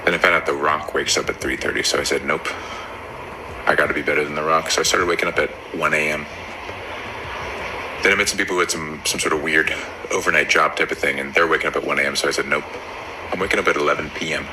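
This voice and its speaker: A man doing a stand-up bit in a deadpan, bragging manner. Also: a bass voice, fast. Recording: noisy background.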